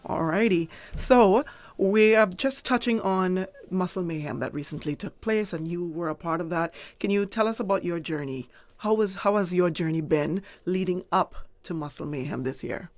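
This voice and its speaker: A woman's voice: on the low side, dry recording. Upbeat woman radio sports host. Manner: upbeat, encouraging, quick affirmations. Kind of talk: radio interview. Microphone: studio mic.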